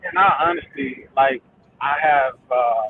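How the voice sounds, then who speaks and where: A man's voice: mid-range voice, steady tone, unhurried. A man in a casual online talk, earnestly insisting he is serious. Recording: tinny phone line with faint noise.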